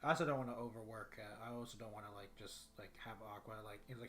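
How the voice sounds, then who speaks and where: A man's voice: fairly low pitch, very fast, few pauses, fairly bright tone. A young man streaming from his bedroom, chatting casually and rambling with lots of fillers and restarts. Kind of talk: casual solo livestream chat.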